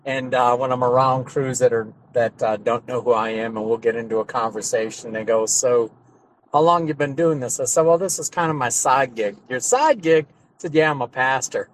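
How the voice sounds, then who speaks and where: A man's voice: medium pitch, normal speed, slight background noise. A man who is a pastor, preaching with emphatic repetition and sudden rising bursts during a group discussion on a video call.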